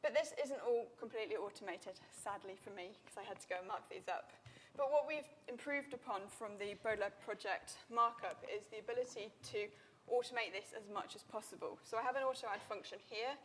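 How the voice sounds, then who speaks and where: Woman academic presenter, mid pitch, casual and filler-heavy, self-deprecating, faint background hiss. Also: a little fast, a bit bright. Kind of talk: conference presentation with live demo. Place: lecture room.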